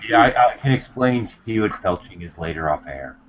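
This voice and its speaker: A man's voice: on the low side, lively intonation, a little fast, highs cut off, background noise. A man making dry wisecracks in a casual podcast chat.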